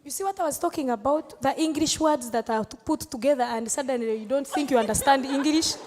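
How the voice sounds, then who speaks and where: A woman's voice: high voice, darkish tone, big-room sound, slight background noise. A woman comedian from Uganda, answering audience questions live in a playful, teasing way. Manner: playful, teasing, laughs often.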